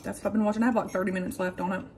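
Woman vlogger, relaxed and chatty, mid-pitched, faint noise behind. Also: rapid-fire. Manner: chatty, relaxed, says "y'all". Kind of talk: casual cook-with-me chat.

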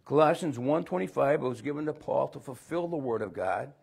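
A man's voice: mid-range voice, lively intonation, fairly quick, vocal fry, a little mellow, slightly rough. A middle-aged man teaching a conversational Bible lesson, rambling with folksy asides and restarts.

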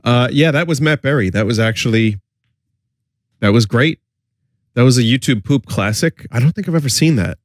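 A man's voice: medium pitch, lively intonation, normal speed, no echo, studio quality. Wry man mocking old commercials. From New York area. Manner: wry, mocking, laughs often. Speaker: streamer reacting to commercials. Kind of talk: casual chat with jokes.

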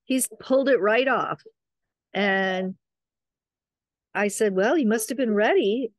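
A woman's voice: medium pitch, slow, no room sound, clean studio sound. An older woman, a midwife and author, chatting as a guest and rambling through family stories, acting out what her relatives said. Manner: chatty, rambling, acts out quoted family members. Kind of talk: casual storytelling conversation.

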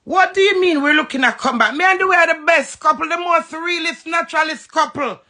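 A woman's voice: extremely high pitch, sharp tone. A Jamaican woman ranting heatedly and profanely on a phone live stream. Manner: heated, profane, fast-switching rant.

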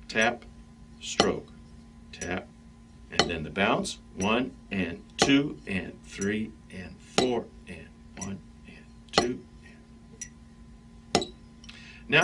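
Man teaching drum technique. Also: medium pitch. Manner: relaxed, conversational, addresses students directly. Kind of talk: instructional demonstration. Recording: practice pad clicks and noise behind.

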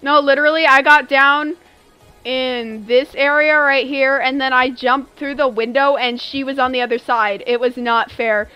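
In a high, smooth voice at a moderate pace, a young woman chats with viewers while livestreaming a game, now and then erupting in exasperated outbursts. The recording is muffled, with faint music in the background.

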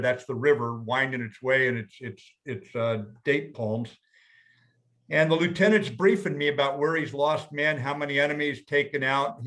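An older American man telling a measured, plainspoken story as guest speaker, with frequent restarts. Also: medium pitch, fairly bright tone. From United States. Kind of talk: storytelling talk.

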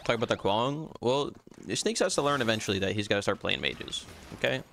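A young man talks through his match for his stream in a loose, profane, joking way. His voice is lower-pitched but swings widely and sounds bright. A faint hiss sits under the mic. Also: lively intonation, brisk, gravelly. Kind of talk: casual gameplay commentary.

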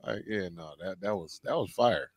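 A man's voice: low voice, normal speed, husky. A man hosting a music reaction video, talking casually in slang, emphatic and often repeating himself.

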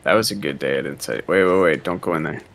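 A man's voice: rumbling low, quick pace, a bit bright. A young man co-hosting a casual let's-play stream, rambling and hedging as he talks. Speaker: co-host.

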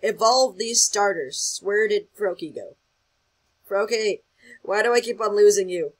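This gaming channel host speaks a little slowly, in a husky, breathy voice of middling pitch, while rambling excitedly through casual gameplay commentary. He thinks aloud and reacts to what happens on screen, and the audio quality is poor.

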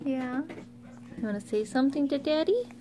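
A woman filming her babies at home on a handheld phone, talking in a gentle, coaxing, sing-song baby voice. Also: high-pitched, lively intonation, normal speed, very noisy. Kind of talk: home video baby talk. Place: family home.

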